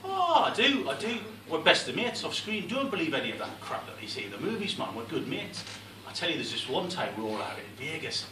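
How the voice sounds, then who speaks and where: A man's voice: a little high, sing-song, a little fast. A man with a Scottish accent playing a crude, bragging middle-aged supervillain in a live comedy sketch, recorded in an echoey pub room from a distant mic with crowd noise. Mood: boastful.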